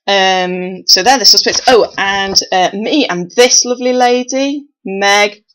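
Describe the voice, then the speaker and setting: A woman's voice: mid-range voice, unhurried, a bit bright, poor audio. A woman organising an event, talking in a casual, rambling video message full of fillers. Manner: chatty, rambling with many fillers.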